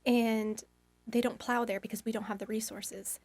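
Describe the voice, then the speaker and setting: A woman's voice: on the high side, flat delivery, moderate pace, a little mellow, a little hiss or hum. A woman guest on a podcast, telling a long personal story in a rambling, casual way, with lots of fillers and little acted-out bits of inner dialogue.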